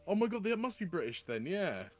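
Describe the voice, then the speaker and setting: A man chats and jokes with his co-host over a game, his voice rising and falling a lot. He laughs often. Quiet background music plays under the talk. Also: sits high, fairly quick. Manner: animated, laughs often, playful banter. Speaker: co-streamer. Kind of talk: casual gaming chat.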